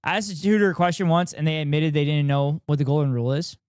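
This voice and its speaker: Chatty streamer man with a crisp voice. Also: on the high side, fast talker, darkish tone, dry recording, clean studio sound. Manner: rambling, self-deprecating, chatty with viewers. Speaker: streamer reacting with chat. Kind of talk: casual live-stream chat.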